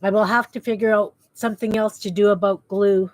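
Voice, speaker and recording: In a dry recording, a middle-aged woman speaks fairly quickly with a mid-range, darkish voice and fairly even intonation. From her basement craft room she livestreams her crafting, chatting with viewers and muttering self-talk while working.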